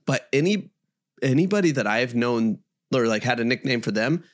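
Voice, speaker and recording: A man co-hosting a podcast, telling a story in a relaxed way with plenty of fillers. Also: medium pitch, moderate pace. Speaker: podcast co-host. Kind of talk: casual chat.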